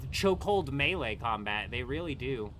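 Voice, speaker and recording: A man's voice: medium pitch, expressive, moderate pace, a bit bright, slight background noise. A young man streaming a game live, ranting and swearing at its combat mechanics. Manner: frustrated, profane, ranting. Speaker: gaming streamer. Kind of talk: live gameplay commentary.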